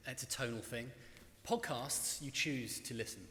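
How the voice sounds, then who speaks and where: A British man speaks on stage in a large hall, telling his stories quickly and poking fun at himself with lively energy. His medium-pitched voice rings out with a long reverb. A faint murmur of the room sits behind him. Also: a little hiss or hum. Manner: quick, self-deprecating, animated storytelling. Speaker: guest historian. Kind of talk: on-stage conversation. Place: large hall at a live event.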